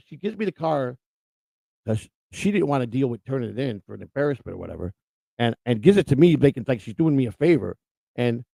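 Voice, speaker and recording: A man's voice: sits high, vocal fry, a little mellow, dry recording. A man hosting a livestream show, telling a rambling personal story in a casual, profane way. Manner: rambling, profane, laughs at his own story.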